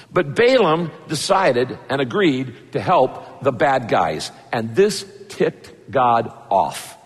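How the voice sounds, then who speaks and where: A man's voice: fairly high pitch, husky, in a large hall. A man preaching a conversational, emphatic sermon, retelling a story and pressing the point home. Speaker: pastor.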